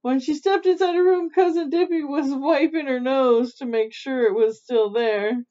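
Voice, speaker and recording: A chatty woman reads a children's picture book aloud, breaking off now and then to explain things in a relaxed, informal way. Her voice sits a little on the high side. The recording is dull and lo-fi. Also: moderate pace. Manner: chatty, stops to explain and laugh. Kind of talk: casual read-aloud storytelling.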